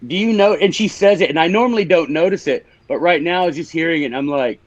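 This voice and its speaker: A man's voice: on the high side, fast, no echo, dull audio. A man with a Memphis accent, a guest author explaining ideas in a casual interview, teaching and restarting as he talks.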